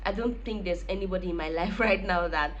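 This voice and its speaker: A woman's voice: lowish voice, brisk, lo-fi sound, slight background noise. A young woman talking to camera in a casual, reflective vlog, earnest and heartfelt. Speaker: vlogger.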